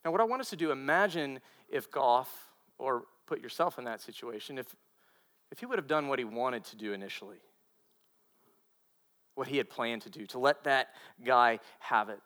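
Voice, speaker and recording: A man's voice: medium pitch, lively intonation, normal speed, fairly bright tone. A male pastor preaching a sermon and telling a story earnestly, often repeating himself and restarting phrases.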